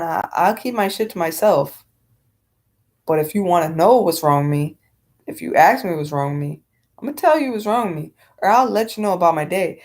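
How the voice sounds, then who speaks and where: Medium in pitch with a darkish tone, this woman vlogger speaks bluntly in a casual rant. She rambles, leans on many fillers, and swears freely.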